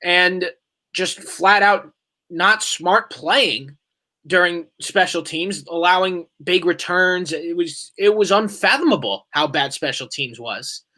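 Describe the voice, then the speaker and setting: Opinionated sports co-host, a man with a bright, slightly high voice. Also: takes it slowly. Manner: opinionated, frustrated. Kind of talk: casual sports discussion.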